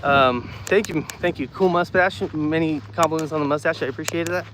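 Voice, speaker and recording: This streamer walks outside, breathing hard as he reads live comments and chats casually, often repeating himself. He speaks fairly quickly in a voice on the high side with a fairly bright tone. Recorded only on a phone mic, the audio has a little hiss or hum.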